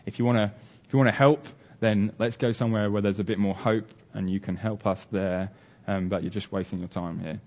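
A man's voice: lowish voice, steady tone, a little fast, few pauses, darkish tone, natural voice. A man voicing a tired rescue worker urging someone to give up. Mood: persuading. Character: weary male rescue worker.

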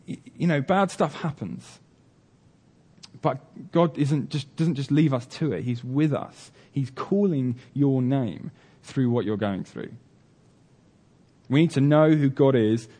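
A man's voice: fairly low pitch, darkish tone. A man preaching a sermon, telling a story earnestly with many fillers and restarts.

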